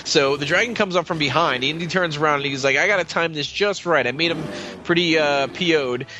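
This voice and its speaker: A man's voice: on the high side, brisk, bright, forceful tone, a little hiss or hum. A man co-hosting a podcast, retelling a comic's plot in a chatty, playful way. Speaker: podcast co-host. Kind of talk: casual comic book discussion.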